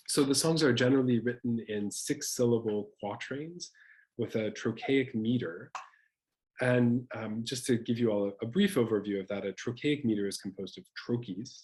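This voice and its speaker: A man's voice: on the low side, a little mellow, low-quality recording. A man giving an academic lecture, explaining patiently with small restarts and fillers.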